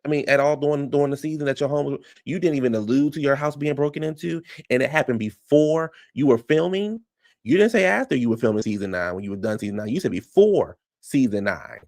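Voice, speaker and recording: Gravelly man recapping reality TV. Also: medium pitch, animated, fast talker, a little mellow. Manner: chatty, incredulous, rhetorical questions. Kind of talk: casual commentary vlog.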